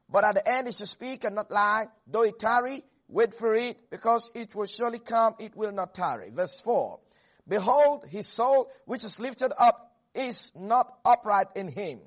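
A man with a notably high voice delivers a fervent evening sermon. He reads scripture in a measured cadence, then presses the congregation with questions and calls for them to repeat after him. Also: highs cut off. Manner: emphatic preaching with call-and-response to the congregation. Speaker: preacher.

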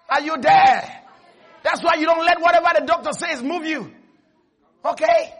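A man preaching a lively sermon as pastor, emphatic, calling on the congregation to answer, and acting out voices. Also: very high-pitched, moderate pace, pauses often. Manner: emphatic, calls for responses, acts out quotes.

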